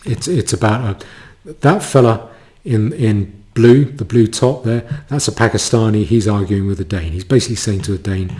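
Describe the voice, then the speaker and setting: A man giving a solo commentary monologue, halting, with many stammered restarts. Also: fairly low pitch, mellow.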